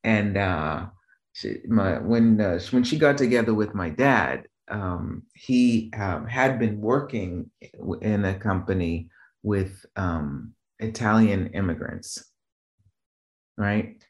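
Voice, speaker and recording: A man with a fairly low voice tells stories in a casual, rambling way. He often checks in with "right?" and restarts his sentences. When he quotes other people, he lifts his voice into a higher register. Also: lively intonation, slow pace. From Boston area, US. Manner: acts out quoted voices in a raised pitch. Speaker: guest, business trainer. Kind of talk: casual conversational storytelling.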